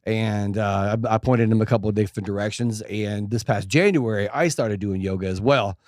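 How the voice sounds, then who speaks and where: A man's voice: on the low side, fairly quick, darkish tone, no echo, studio quality. A man co-hosting a comedy podcast, laid-back and teasing, laughing often in casual chat.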